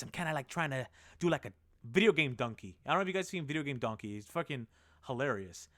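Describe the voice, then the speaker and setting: A young man chatting on a live stream, rambling and excitable, with a bright, forceful tone. His voice sits a bit high for a man and swings up and down a great deal. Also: fast. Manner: excitable, rambling, swears freely. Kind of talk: casual live-stream chat.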